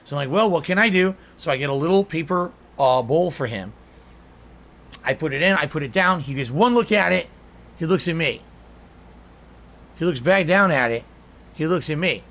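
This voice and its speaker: Rambling man with a bright voice. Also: on the high side, lively intonation, moderate pace, long pauses. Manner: rambling, repetitive, self-pitying. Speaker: streamer telling a story. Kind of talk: rambling storytelling.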